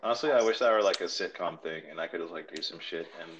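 A man's voice: low-pitched, fast, highs cut off, background noise. A man in casual chat as a podcast co-host, joking and swearing loosely. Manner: loose, profane, joking banter.

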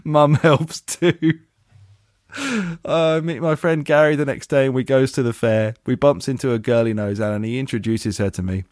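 A man's voice: medium pitch, fairly quick, hardly any pauses, darkish tone, no echo, clean studio sound. A man hosting a podcast, reading a listener's email aloud and repeatedly cracking up with laughter. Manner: keeps breaking into giggles while reading. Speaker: podcast host.

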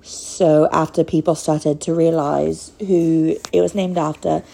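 A woman in her thirties with a Northern Minnesotan accent, hosting a casual solo podcast and talking slowly and hesitantly, with frequent pauses. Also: sits low, level tone, gravelly, dark tone, poor audio. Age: 30s. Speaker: podcast host.

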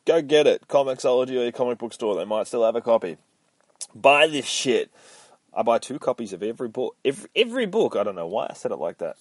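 A man's voice: medium pitch, a little mellow, no echo. A man hosting a podcast, recapping a comic book in a profane, rambling, self-mocking way. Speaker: podcast host.

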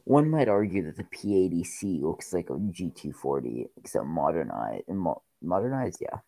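Young dude, super deep voice, gravelly, lively, argues back. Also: male voice, no room sound. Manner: opinionated, quick to argue back. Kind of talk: casual chat.

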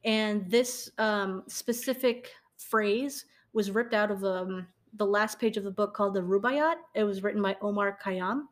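A young woman co-hosting a podcast tells a true-crime case casually, giggling between sentences, stumbling over words and going back to correct herself, with many ums and likes. Her pitch is an ordinary middle for a woman, and she speaks unhurriedly with few pauses.

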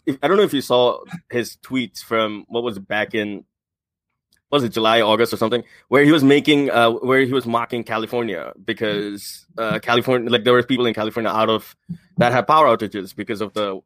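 A man's voice: mid-range voice, a bit bright, no room sound. A man in casual political chat, rambling with hesitant fillers and sarcastic asides.

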